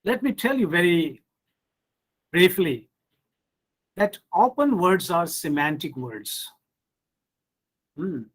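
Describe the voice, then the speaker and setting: A man's voice: sits high, big pitch swings, slow, long pauses, breathy edge, poor audio. A man with an Indian English accent teaching an online pronunciation lecture, explaining step by step and asking rhetorical questions. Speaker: professor.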